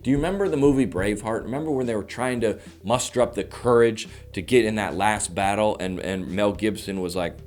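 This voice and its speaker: A man hosting his own show, talking through a casual comedic monologue with rambling jokes and quick self-mocking asides. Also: lowish voice, a little mellow, faint music behind. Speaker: stand-up comedian, show host.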